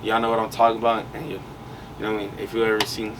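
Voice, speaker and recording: A man's voice: fairly low pitch, monotone, racing. Rambling young man telling a story. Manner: rambling, slangy, lots of fillers. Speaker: podcast co-host. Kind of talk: casual storytelling chat. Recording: distant mic with noise behind.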